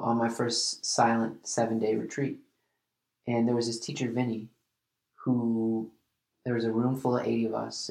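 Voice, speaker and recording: A man talks earnestly on his podcast in a low-key, fairly flat voice with a gravelly edge. He stops and restarts his sentences often, as if searching for the words. The sound is echoey, as if recorded in a bare room. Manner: earnest, halting with repeated restarts. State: emotional at times. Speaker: podcast host. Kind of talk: reflective solo podcast monologue.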